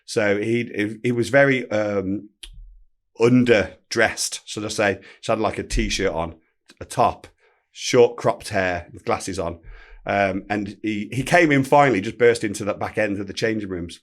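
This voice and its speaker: A man, telling a story as a podcast guest, animated and swearing freely. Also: fairly low pitch, measured pace. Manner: animated anecdote-telling, swears freely, acts out quoted speech. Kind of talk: casual storytelling.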